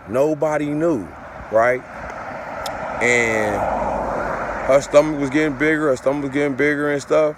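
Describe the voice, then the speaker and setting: A man's voice: mid-range voice, background noise. A father telling a personal story in a casual, profane, repetitive way, looping back over the same phrases.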